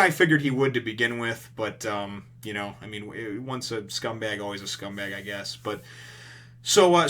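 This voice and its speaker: A man with a fairly low voice talks through a comic chapter as an informal reviewer. He rambles along, leaning on "you know" and the odd blunt swear word. The tone stays loose and conversational throughout. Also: bright, forceful tone. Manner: rambling, heavy on fillers like "you know", emphatic and casually profane. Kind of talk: casual recap and commentary.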